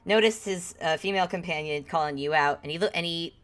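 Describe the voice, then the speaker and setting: A woman's voice: lowish voice, quick pace, a bit bright. A woman narrating as game master of a tabletop role-playing game, chatty and full of restarts. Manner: chatty, laughing, many restarts.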